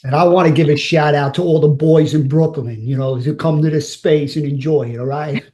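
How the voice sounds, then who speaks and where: A man's voice: fairly high pitch, fairly even intonation, fairly quick, warm tone. A man from New City, a guest on a podcast, joking and laid-back. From New York City. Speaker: guest therapist trainer. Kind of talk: podcast interview.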